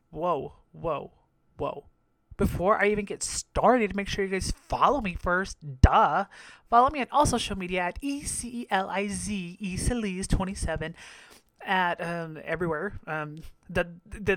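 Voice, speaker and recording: A man's voice: high voice, fairly bright tone, dry recording. A man hosting a podcast, giving a campy, profane, giggly episode recap. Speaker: podcast host.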